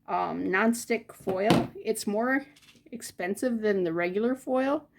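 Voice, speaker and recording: Slow and creaky, a mid-range female voice belongs to an older woman making jewelry, who chats casually and mutters to herself between remarks. There's background noise in the clip.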